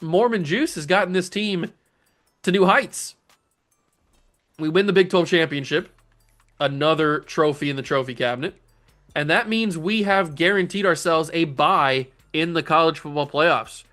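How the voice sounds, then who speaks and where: A young man commentating his own football video game, slipping into melodramatic, exasperated rants. His voice sits somewhat high for a man, with faint music playing underneath. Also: normal speed, a bit bright. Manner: melodramatic, ranting, exasperated outbursts. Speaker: gaming channel host.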